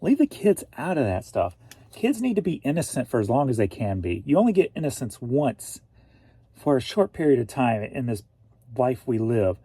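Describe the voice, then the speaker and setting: A man's voice: medium pitch, big pitch swings, moderate pace, warm tone, breathy edge, dry recording. A man from St. Louis, Missouri, a reseller vlogger chatting casually in a rambling, jokey way. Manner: rambling and jokey, laughs often. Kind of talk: casual chat.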